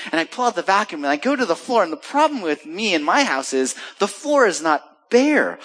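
A man's voice: high voice, very animated, fast talker, hardly any pauses, fairly bright tone. A middle-aged American man preaching a sermon as pastor, asking his listeners rhetorical questions and mixing in jokes. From United States. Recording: long hall reverb.

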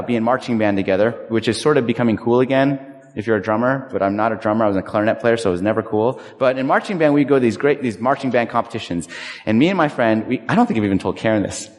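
A man preaching a sermon as a pastor, conversational and animated, telling personal stories. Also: medium pitch. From Southern California. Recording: long reverb of a large hall.

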